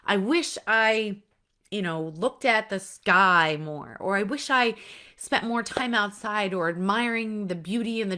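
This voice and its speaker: A woman's voice: medium pitch, a bit bright. A woman in her thirties, hosting a casual solo talk, chatty and blunt, peppering her talk with "like" and "right?" and the odd swear word. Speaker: podcast host.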